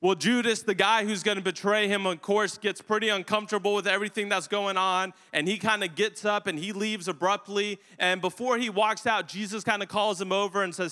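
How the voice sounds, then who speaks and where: A man's voice: sits high, steady tone, brisk, hardly any pauses, pushed and bright, long reverb tail. A man preaching a sermon as a pastor, telling the story in a casual, humorous way.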